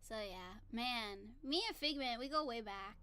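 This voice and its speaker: A woman's voice: fairly high pitch, a little slow, bright, forceful tone, smooth. A woman in her thirties chatting casually to camera, telling a story in a bubbly, giggly, gushing way. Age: 30s. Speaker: vlogger. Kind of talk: casual chat.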